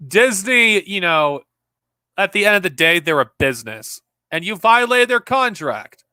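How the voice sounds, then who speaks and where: Male stream host: sarcastic, profane commentary, bright and fairly high. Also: big pitch swings, unhurried, smooth, no echo. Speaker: livestream host. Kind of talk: live commentary on a played clip.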